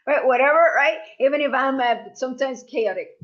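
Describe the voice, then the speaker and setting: A woman leading a live masterclass, talking warmly to her audience and acting out the voices people use on themselves. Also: high-pitched, brisk, few pauses, muffled recording. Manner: expressive, acts out inner voices, addresses audience as "you guys". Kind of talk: live online masterclass talk.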